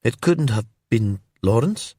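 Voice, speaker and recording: A man voicing a brooding older woman from a remote island in a calm storybook crime tale, speaking softly and hesitantly in a lifted voice. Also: medium pitch, unhurried, slightly rough, no room sound, studio quality. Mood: probing.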